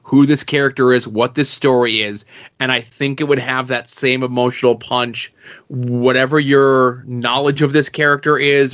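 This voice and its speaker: A man's voice: medium pitch, fairly bright tone. A man giving earnest, reflective commentary in a casual chat. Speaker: comic book discussion co-host. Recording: dull lo-fi sound.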